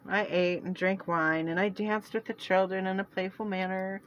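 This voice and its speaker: A woman reading her own fantasy novel aloud in first person, earnest and halting with restarts. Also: mid-range voice, steady tone, muffled recording, slight background noise.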